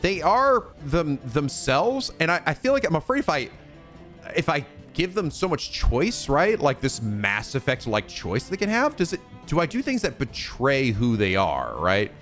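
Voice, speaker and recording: A gaming host reacting to news in an excitable, foul-mouthed stream of talk, breaking into laughter often. His voice is bright and a little gravelly. His pitch leaps around, with faint music underneath. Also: unhurried. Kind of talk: casual reaction commentary.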